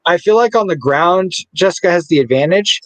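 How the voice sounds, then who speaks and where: A man's voice: sits high, animated, brisk, a bit bright, no echo, poor audio. A man co-hosting a podcast, chatting casually and playfully, sometimes stumbling over names. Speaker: podcast co-host. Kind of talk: casual sports chat.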